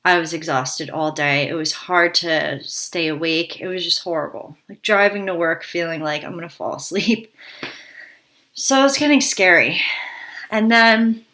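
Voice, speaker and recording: A woman with a fairly low, sharp-toned voice speaks unhurriedly. As a health vlogger, she gives her viewers a casual personal health update, candid and worried, slightly out of breath and frequently restarting her sentences.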